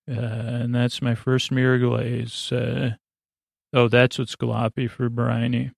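Male podcast host, gravelly, flat delivery, rambling recap for sleep, halting with fillers. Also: medium pitch, no room sound, clean studio sound. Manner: halting, many fillers and self-corrections.

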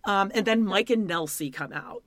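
A young woman riffs on a reality show with a co-host, animated and quick to swear. Her voice sits in a middle register. The sound is dry and close, with no room around it. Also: mid-range voice, no echo. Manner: animated, profane, acts out quotes. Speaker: podcast co-host. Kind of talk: casual chat recapping a reality show.

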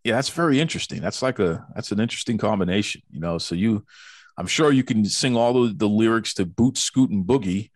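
A man's voice: fairly low pitch, lively intonation, a little fast, dry recording, clean studio sound. A man hosting a podcast in casual interview chat, jokey and teasing in playful banter. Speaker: podcast host. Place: home studio in Boston.

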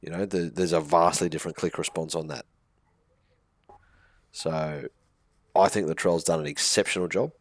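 A man's voice: sits low, fairly even intonation, normal speed, pauses often. A man co-hosting a casual sports podcast, blunt and opinionated, swearing freely. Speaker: podcast co-host.

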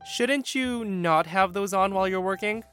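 A man's voice: fairly high pitch, sing-song, normal speed, fairly bright tone, faint music behind. A man voicing a snooty, entitled older woman shopper in a condescending tone.

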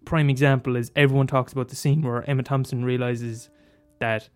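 A man rambles about films in a casual, animated way, swearing often and leaping up in pitch when he gets worked up. His voice sits at a middling pitch. Faint guitar music plays behind him. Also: brisk, smooth. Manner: animated, swears freely, bursts into high exclaims. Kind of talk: casual film chat.

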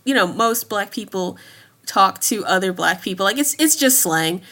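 A woman in her thirties with a bright, forward voice, talking in a loose, chatty way. She breaks into laughter often as she tells her stories, like a guest on a relaxed podcast. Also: mid-range voice, moderate pace. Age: 30s. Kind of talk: casual chat.

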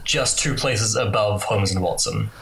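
A man co-hosting a casual film-ranking chat, hesitant and stammering, often pausing with "uh". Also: lowish voice, creaky, a bit bright, low-quality recording. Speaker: podcast co-host.

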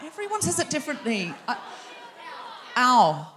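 A woman with a fairly high voice works the crowd at a live comedy show, teasing and chatting with quick asides. She is on stage in a theatre, and a faint murmur of the audience and some faint noise sit behind her. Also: animated, fairly bright tone. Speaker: host. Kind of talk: live stand-up comedy hosting.

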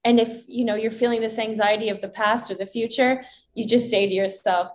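A woman guest in a casual spiritual chat, earnest and preachy, acting out gentle inner dialogue. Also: a little high, steady tone, a little fast.

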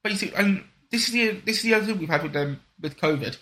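A man chatting casually as a podcast co-host, his voice high and bright. He rambles and trips over his own sentences as he goes. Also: animated, very fast. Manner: rambling, self-interrupting. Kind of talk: casual chat.

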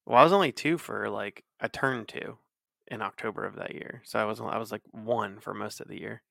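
A man in his thirties co-hosts a podcast, casually rambling with plenty of fillers and restarts. He speaks briskly in a fairly low voice with vocal fry, a bright quality, and a forceful tone. It's a dry, studio-quality recording.

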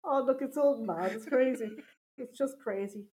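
A woman's voice: high voice, moderate pace, mellow, low-quality recording. A woman, a stand-up comedian, telling stories in a casual interview and laughing often. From Ireland. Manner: chatty storytelling, laughing often.

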